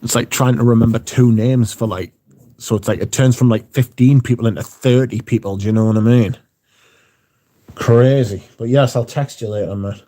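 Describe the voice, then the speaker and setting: A man's voice: mid-range voice, normal speed, mellow. A British man hosting a livestream, chatting casually and reading out viewer comments, swearing freely. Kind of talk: casual chat.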